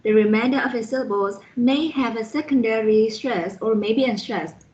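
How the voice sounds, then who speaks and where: A woman presenting a lesson on pronunciation, reading out spellings and examples slowly and carefully, one letter at a time. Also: on the high side, a little mellow, highs cut off. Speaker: student presenter reviewing a phonetics lesson. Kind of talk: slide-by-slide explanatory lesson.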